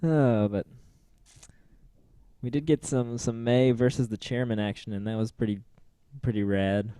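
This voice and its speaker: A man co-hosting a podcast in casual chat, with a mid-pitched, dark and mellow voice. He sounds relaxed, laughs along and drifts into mock quotes. The recording is dry. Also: a little slow, clean tone, dry recording. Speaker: podcast co-host.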